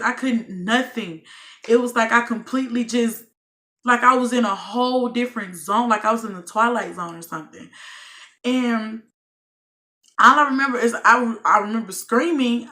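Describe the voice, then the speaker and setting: A woman's voice: on the high side, sharp tone. A young woman vlogger telling a personal story straight to her viewers, candid and swearing freely. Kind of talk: storytime monologue.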